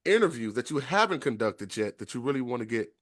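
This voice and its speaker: A man hosting a podcast interview, lively and hyped in casual talk. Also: mid-range voice, quick pace. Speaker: podcast host.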